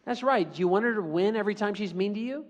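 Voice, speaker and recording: A man's voice: high voice, fast, highs cut off, lightly acted. A man voicing a patient but firm schoolteacher who questions a pupil and instructs him. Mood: instructive.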